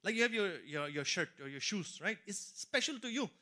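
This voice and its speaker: A man's voice: high voice, animated, brisk, sharp tone. A middle-aged man preaching a sermon as earnest personal testimony, stressing key phrases and speaking directly to his listeners. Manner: earnest testimony, rising emphasis and repeated asides to listeners.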